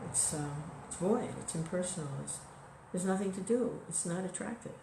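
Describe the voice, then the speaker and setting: A woman's voice: fairly low pitch, moderate pace, vocal fry, background noise. A woman giving an informal devotional talk in a conversational way, full of "you know" and small restarts. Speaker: devotional speaker. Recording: echoey room recording.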